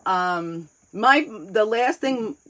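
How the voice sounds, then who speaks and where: A woman's voice: mid-range voice, expressive, drawn-out words, fairly bright tone, low-quality recording. A woman with a New York accent chatting casually, candid and rambling, swearing freely as she talks. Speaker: host. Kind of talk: casual chat.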